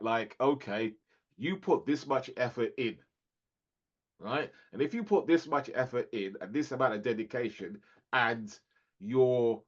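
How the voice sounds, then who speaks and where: A man's voice: mid-range voice, lo-fi sound. A man co-hosting a podcast in casual chat, laughing often and restarting his sentences. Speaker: podcast co-host.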